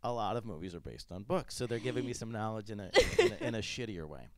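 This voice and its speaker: A man hosts a podcast and chats casually at a quick clip, rambling and joking as he slips into other voices. His voice sits low but swings widely in pitch. The recording is close and dry, with no room sound. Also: no echo. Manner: rambling, animated storyteller who jokes and acts out voices. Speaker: podcast host. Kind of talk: casual chat.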